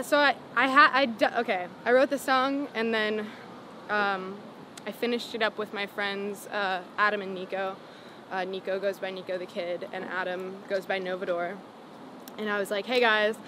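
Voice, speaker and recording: A woman's voice: mid-range voice, bright, forceful tone. Young woman, chatty storyteller, filler-heavy, traffic noise behind. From Los Angeles. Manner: chatty, many "like" fillers, laughs often. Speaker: singer-songwriter guest. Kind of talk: casual interview storytelling. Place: outdoors on a city sidewalk.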